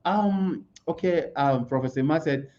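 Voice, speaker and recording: Man, motivational talk, mellow voice, slightly high, emphatic, muffled lo-fi recording. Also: normal speed. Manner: asks rhetorical questions and answers them himself; emphatic, repeats key words. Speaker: motivational speaker at an online conference.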